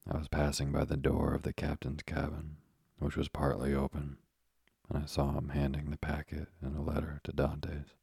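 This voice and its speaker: A man playing a scheming ship's officer, low and husky. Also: completely flat delivery, normal speed, a little mellow, no echo, studio quality, heavily acted. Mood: insinuating.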